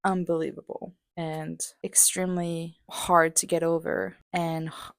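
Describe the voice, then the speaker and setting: Candid young woman venting, low-pitched and dry. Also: no room sound. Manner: candid, rambling, swears often, many "like" fillers. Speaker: vlogger. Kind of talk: casual vlog monologue. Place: outdoors on a walk.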